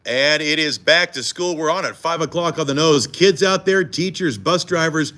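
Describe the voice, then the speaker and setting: A man's voice: on the high side, normal speed, bright, forceful tone. A man co-anchoring a morning TV news show, joking and teasing his co-host in casual banter behind the scenes. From United States.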